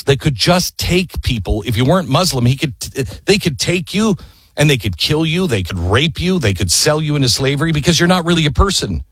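A man's voice: fairly high pitch, fairly bright tone, breathy edge, no room sound. A man giving an impassioned history talk, telling a story with emphasis, quoted voices and rhetorical questions. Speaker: speaker.

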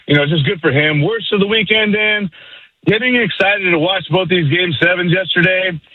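A man's voice: high-pitched, moderate pace, slightly rough, no echo. A man calling in to a sports radio show, hyped and slangy, rattling off opinions. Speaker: caller. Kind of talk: phone-in call. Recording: phone line.

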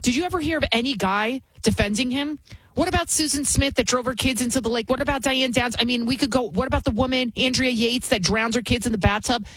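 A woman's voice: on the high side, fast talker, fairly bright tone, no room sound. A woman hosting her own commentary show, speaking with indignant emphasis and repeating phrases for effect. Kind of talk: opinionated commentary.

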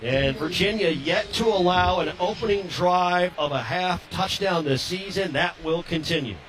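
A man calling live college football play-by-play, quick and rising to shouts on big plays. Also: high-pitched, a little hiss or hum. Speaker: play-by-play announcer.

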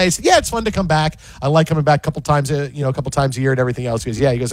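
A man hosting a sports radio show, telling quick stories with lots of restarts in a casual chat. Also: on the high side, no echo. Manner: animated, quick storytelling with restarts. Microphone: studio microphone.

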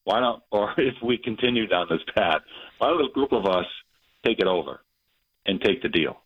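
A man's voice: lowish voice, animated, moderate pace, breathy edge, dry recording. A man calling in to a radio show, giving his predictions with chuckles between phrases. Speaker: caller. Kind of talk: call-in radio chat. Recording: muffled phone line.

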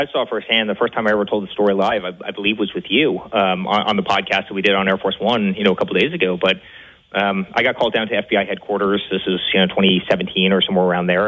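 A man speaking as an interview guest, fast and animated, with many restarts and repeated words. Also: on the low side. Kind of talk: interview on a phone line. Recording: tinny phone line.

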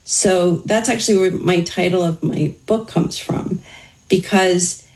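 A woman's voice: fairly low pitch, fairly even intonation, unhurried, a little mellow, low-quality recording. A woman being interviewed as an author, telling her life story openly in a conversational way, with wry humor. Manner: candid, wry humor, talks through hardship plainly.

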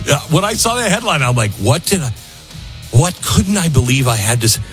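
A man's voice: on the high side, sing-song, brisk, faint music behind. A man hosting a talk radio show, rambling and self-mocking as he reads ads and riffs on news stories. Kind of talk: talk radio monologue with host-read ads.

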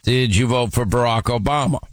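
A male talk radio host with a middle-pitched voice, firing questions at a caller. He is brusque and mocking. The sound is dry and close, with no room around it. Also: fairly quick, no echo. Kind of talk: combative call-in radio talk.

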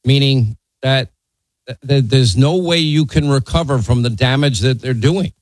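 A man's voice: mid-range voice, normal speed, no room sound, rough recording. A man hosting a call-in talk radio show, talking bluntly and conversationally and teasing his callers.

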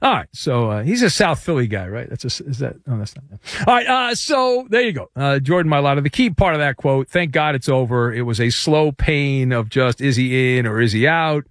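A man's voice: mid-range voice, animated, moderate pace, no room sound, clean studio sound. A man hosting a sports talk radio show, delivering a sarcastic, joking monologue with many fillers.

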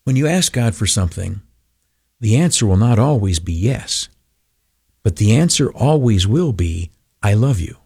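A man's voice: lowish voice, lively intonation, normal speed, gravelly, darkish tone, breathy edge, dry recording, studio quality. An older man giving an informal devotional talk in a folksy, rambling way with many fillers.

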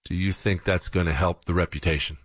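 A man's voice: low voice, fairly even intonation, fairly quick, no echo, clean studio sound. A man delivering an opinion monologue to his listeners, full of rhetorical questions and mock-quoted voices. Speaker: political commentator.

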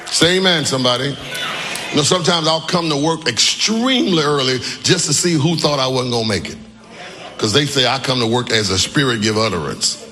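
A man preaching a sermon as pastor, calling for responses from the congregation, shouting at peaks and joking with the crowd. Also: mid-range voice, lively intonation, fairly quick. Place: large church hall. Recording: long church hall reverb.

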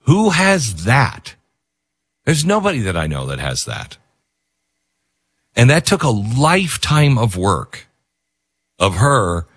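A man's voice: medium pitch, huge pitch swings, takes it slowly, pauses often, fairly bright tone, husky, dry recording, studio quality. A man hosting a talk show, speaking emotionally and rambling, with many restarts. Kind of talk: casual talk radio commentary.

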